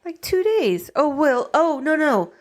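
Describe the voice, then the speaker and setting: A young adult woman co-hosting a casual podcast, her voice pitched a little high. She giggles and teases, stumbling through restarts as she recaps the story with relish. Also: sing-song, measured pace. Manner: giggly, teasing, recaps plot with many restarts. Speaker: podcast co-host. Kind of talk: casual chat.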